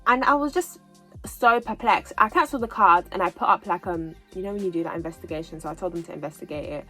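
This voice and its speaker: A woman in her twenties telling a personal story in a casual storytime vlog, animated and repeating herself as she goes. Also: lowish voice, fast talker, soft background music, rough recording. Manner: chatty, animated retelling with repeats. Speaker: vlogger.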